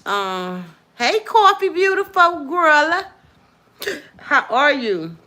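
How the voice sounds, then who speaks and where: A middle-aged woman hosting a casual live stream, lively and preachy, praising God between her chatter. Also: sits high, slow. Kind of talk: casual chat with viewers and callers.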